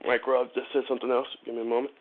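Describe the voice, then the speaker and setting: Rapid-fire and level in tone, a medium-pitched man from Ohio, USA, chats casually on a live stream while wiring a motorcycle. The vlogger jokes with viewers and often laughs; the sound is phone-like and narrow-band.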